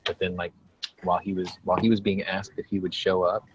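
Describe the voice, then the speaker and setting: A man's voice: low voice, flat delivery, quick pace. A man co-hosting a podcast in casual chat, cracking jokes and telling stories, recorded on a dull lo-fi mic. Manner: wisecracking, jokey storyteller. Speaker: podcast co-host.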